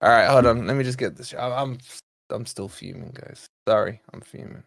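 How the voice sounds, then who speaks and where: A man's voice: medium pitch, normal speed, vocal fry, dry recording, studio quality. A young man hosting a live football watch-along, ranting and exasperated as he reacts to his chat. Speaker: fan channel host.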